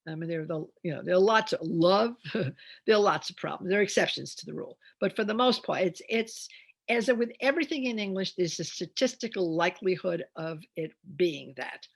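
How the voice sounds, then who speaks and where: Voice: mid-range voice, a little fast, creaky. A reading teacher giving an instructional talk on phonics, explaining step by step with chatty asides.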